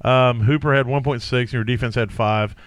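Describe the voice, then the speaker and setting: A man's voice: mid-range voice, steady tone, fairly quick, no echo. A man co-hosting a casual podcast chat, talking hesitantly with frequent restarts and laughter. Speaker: podcast co-host. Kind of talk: casual fantasy sports chat.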